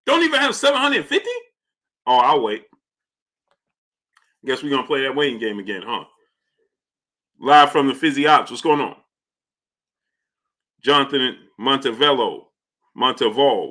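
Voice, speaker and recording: A man's voice: medium pitch, sharp tone. A man hosting a live stream, talking casually and emphatically, repeating his points and greeting his viewers.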